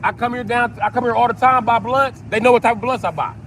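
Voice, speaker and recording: Brash vlogger, a man with a higher voice, ranting crudely with steady car noise behind. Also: quick pace. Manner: blunt, crude, emphatic. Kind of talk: profane ranting monologue.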